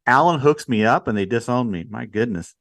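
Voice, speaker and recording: A man's voice: mid-range voice, expressive, fairly quick, fairly bright tone. A man calling into a livestream as a guest, rambling and repeating himself. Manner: repeats and restarts words, rambling. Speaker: guest caller. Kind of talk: casual call-in chat. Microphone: home desk mic.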